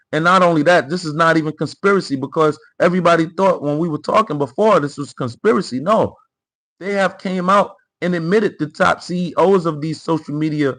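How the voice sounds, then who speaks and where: Male host of a live commentary stream, pitched a touch high; emphatic, repeats himself, riffs on chat comments. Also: fairly bright tone, rough recording. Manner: emphatic, repeats phrases and talks straight to the chat. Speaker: livestream host.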